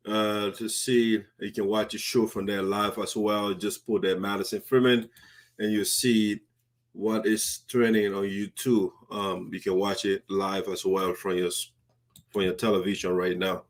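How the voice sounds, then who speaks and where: A man's voice: fairly low pitch, little pitch movement, a little slow. A man from Liberia hosting a live diaspora talk show. He chats loosely, restarts his sentences, and talks through his own equipment checks. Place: home studio. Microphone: headphones with a microphone.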